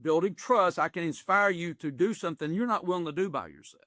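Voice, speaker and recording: A man's voice: high voice, a little fast, fairly bright tone, dry recording, studio quality. A man in his sixties, an executive coach, telling stories in earnest with folksy phrasing in a podcast interview. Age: 60s.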